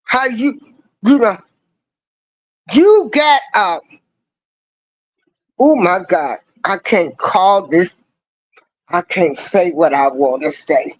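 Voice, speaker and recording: Older woman commentator, slangy, drawn-out rant, animated pitch. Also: no echo, rough recording. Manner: emphatic, hammering repeated rhetorical questions; slangy, swings between rising cries and low asides. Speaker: online commentator. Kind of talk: ranting political commentary.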